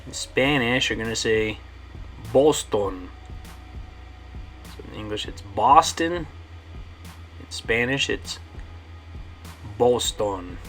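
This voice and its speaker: A man teaching a pronunciation lesson, saying each model word slowly and checking in often with the class. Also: mid-range voice, fairly even intonation, bright, forceful tone, soft background music. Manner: slow, drawn-out model words with frequent "okay?" checks. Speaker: Spanish teacher.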